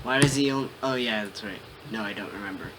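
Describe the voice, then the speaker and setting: A man's voice: lowish voice, fast. Sarcastic young man on a noisy recording. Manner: sarcastic, wisecracking. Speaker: co-host. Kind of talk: comedic banter.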